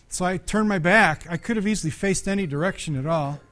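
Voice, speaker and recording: Middle-aged male pastor, slightly high voice, lively conversational preaching with sudden loud peaks. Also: fairly quick. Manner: restarts and repeats words often. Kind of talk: sermon.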